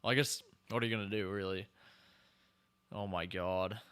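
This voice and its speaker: A man's voice: low voice, steady tone, moderate pace, a bit bright, clean tone. A young man hosting a podcast, reacting casually to a movie as he watches, exclaiming and talking back to the screen. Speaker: podcast host.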